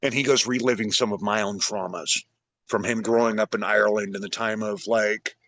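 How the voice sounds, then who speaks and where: A middle-aged man hosting a conversation, talking in an animated, rambling way. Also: on the low side, moderate pace. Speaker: podcast host. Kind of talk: casual conversation.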